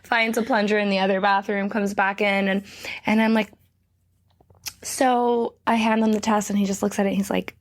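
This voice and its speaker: A woman's voice: mid-range voice, flat delivery, moderate pace. A woman co-hosting a podcast, telling her own story in a candid, blunt way with frequent laughter. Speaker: podcast co-host. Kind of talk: casual chat.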